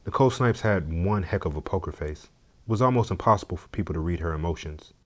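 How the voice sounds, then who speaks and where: A man narrating a story in a steady, measured, scripted way. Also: sits low.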